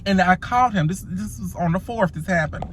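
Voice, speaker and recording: A woman's voice: lowish voice, fairly quick, a little hiss or hum. A woman telling a dramatic story to the camera in a casual vlog, sassy and profane, calling her listeners honey and child. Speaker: storytime vlogger.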